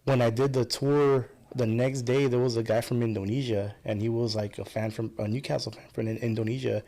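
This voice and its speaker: A man's voice: medium pitch, steady tone, brisk, mellow. A man telling rambling stories in a casual podcast chat, full of restarts and fillers. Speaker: podcast guest.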